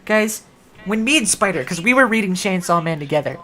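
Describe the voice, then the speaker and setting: A woman's voice: fairly low pitch, lively intonation, a little fast, pushed and bright. A woman hosting a livestream, chatting casually and rambling with many "like" fillers. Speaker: livestream host. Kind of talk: casual stream chat.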